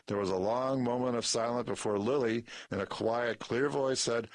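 A man reading newspaper articles and a short story aloud in a measured, even delivery. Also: lowish voice, dry recording. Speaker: news article reader.

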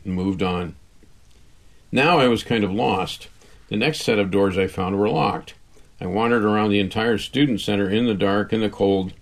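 A man with a low voice reads a first-person story aloud, wry and conversational. He keeps it easy, like he's telling it to a friend. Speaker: audiobook narrator. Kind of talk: first-person scripted narration.

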